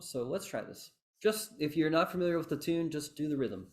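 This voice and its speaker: A man's voice: fairly high pitch, sing-song, normal speed, hardly any pauses, slight background noise. A man teaching fife rhythms in an online workshop, chanting rhythm syllables and encouraging his students over a video call. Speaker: fife instructor. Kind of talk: online music workshop lesson.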